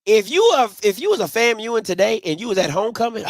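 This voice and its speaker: A man's voice: high-pitched, sing-song, quick pace, few pauses, a little hiss or hum. A man hosting a postgame sports talk show, emphatic and repetitive as he argues his point. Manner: emphatic, repeats himself, breaks into laughing fits.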